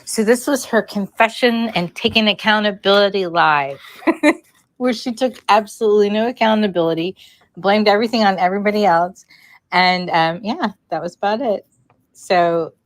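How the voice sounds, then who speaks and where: A woman with a mid-range voice and a dry, close sound. She recaps what happened in a matter-of-fact, even-handed tone, chatting casually as a co-host. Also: mid-range voice, normal speed, long pauses, no room sound. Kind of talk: casual chat.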